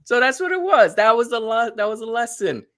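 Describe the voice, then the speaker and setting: A man's voice: very high-pitched, brisk. A man telling a family story in casual podcast chat, acting out the quotes. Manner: animated storyteller, acts out quotes. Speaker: guest.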